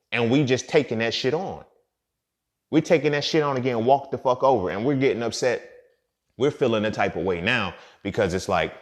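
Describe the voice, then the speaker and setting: A male podcast host delivers a casual, blunt, profane monologue in a mid-range voice, hammering the same points again and again. He lurches between loud, emphatic outbursts and quiet, muttered asides.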